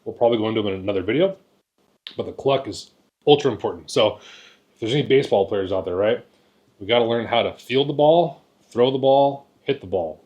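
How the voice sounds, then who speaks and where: A man's voice: medium pitch, expressive, a little fast, a little mellow, dull audio. A man teaching hunters how to call geese, talking in a folksy way, often repeating words and checking in with "right?". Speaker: goose calling instructor. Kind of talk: casual instructional talk.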